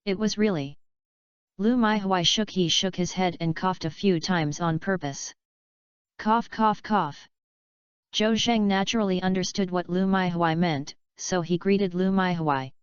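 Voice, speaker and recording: A woman narrating a novel in a steady, plain reading manner. Her voice is a little low and very smooth and clean. The recording is dry, with no room sound, and slightly dull in tone. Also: moderate pace, no room sound. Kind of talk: audiobook narration.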